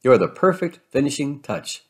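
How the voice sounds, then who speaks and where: A man's voice: mid-range voice, big pitch swings, moderate pace, slightly rough. A man voicing a sweet, cheerful female cartoon mouse in a storybook read-aloud, upbeat and encouraging.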